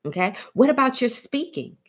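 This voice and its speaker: A woman's voice: high-pitched, very animated, normal speed. A woman coaching a mindset lesson on a live stream, often checking in with "right?" and "okay?" and calling listeners "baby.". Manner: coaxing, calls listeners "baby". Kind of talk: motivational teaching talk.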